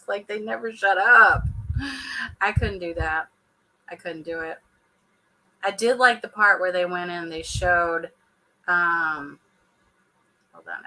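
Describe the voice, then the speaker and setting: A woman talks straight to her viewers in a loose, casual reaction chat. Her voice is bright and forward, and she laughs often between remarks. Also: on the low side, low-quality recording. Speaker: reality TV reaction vlogger.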